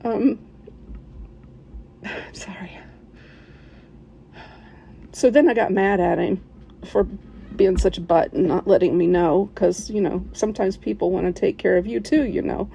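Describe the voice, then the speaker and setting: A woman telling a personal story as a podcast listener, in an emotional, halting way with soft laughs. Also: medium pitch, creaky, lo-fi sound, a little hiss or hum.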